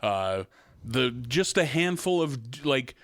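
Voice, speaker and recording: Laid-back male podcast co-host, mid pitch, swears a lot, strained voice, dry sound. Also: big pitch swings, slow, a bit bright, dry recording. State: voice getting strained. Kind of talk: casual chat recapping episodes.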